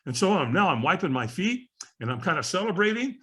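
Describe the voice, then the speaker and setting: Animated husky man telling a story. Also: high-pitched, a little fast. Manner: animated storyteller, acts out quoted voices. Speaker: podcast guest. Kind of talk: storytelling in casual interview.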